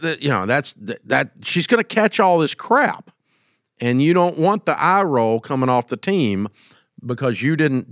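A man's voice: medium pitch, no echo. Guy, middle aged, folksy and emphatic, dry close studio sound. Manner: folksy, emphatic, acts out quoted scenes. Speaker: host giving business advice. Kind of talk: casual advice talk.

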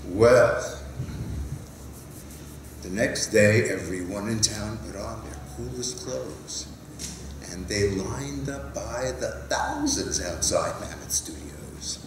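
A man in his sixties reading his rhyming picture book aloud with a lively, rhythmic delivery at a conference. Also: fairly low pitch, slow pace, background noise. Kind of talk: animated storybook read-aloud in rhyme. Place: conference hall. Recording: roomy hall, mic at a distance.

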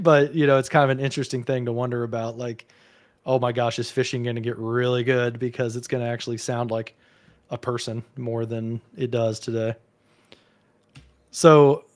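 A man co-hosting a casual tech discussion, thinking aloud with hedges and restarts. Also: medium pitch. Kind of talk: casual explanatory chat.

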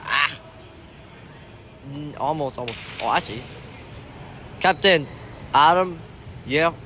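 A man giving excited sideline commentary on an amateur indoor soccer game, shouting and groaning at the plays and calling out to the referee. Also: a little high, slow pace, slight background noise.

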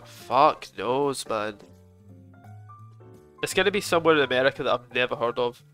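A young man streaming a game show video game, chatting with his viewers, excitable and swearing a lot. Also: medium pitch, normal speed. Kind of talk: casual live gaming commentary. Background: game music.

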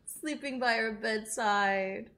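A woman's voice: fairly high pitch, slow, sharp tone. A woman hosting an anime reaction video, talking casually, gushing and laughing often as she reacts. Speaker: anime reaction channel host.

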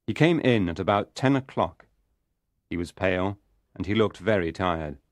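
A man narrating an audiobook in a calm, measured storytelling voice. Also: low voice, no room sound.

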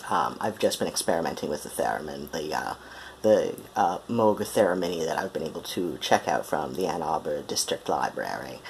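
A young man from Ohio, USA, with a transatlantic accent introduces himself as a musician in a tired, hesitant vlog full of ums and pauses. His voice is extremely low, creaky and animated, with slight background noise behind it.

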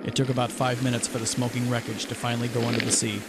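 A man podcast host narrating a first-person adventure story in a steady way, with music playing underneath. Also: mid-range voice, very fast, heavy background noise.

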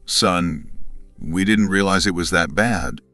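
A man's voice: low voice, slow pace, sharp tone, dry recording, soft background music, exaggerated voice. A man reading a heated older father cutting in. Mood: upset. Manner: interjecting hotly.

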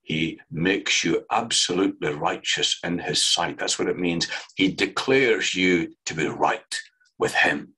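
Male preacher, husky voice, earnest sermon delivery with big swings between fervent highs and hushed lows. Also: rough recording. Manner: earnest, rising to fervent emphasis then dropping low and slow.

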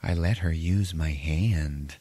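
A man voicing an eerie, calm little girl who speaks flat and matter-of-fact. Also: a bass voice, takes it slowly, breathy edge, no echo, exaggerated voice.

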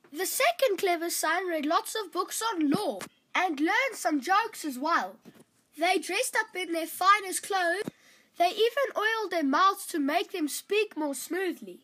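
A woman reading a children's fairytale aloud as storyteller, in an animated, expressive storytelling manner. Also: very high-pitched, poor audio.

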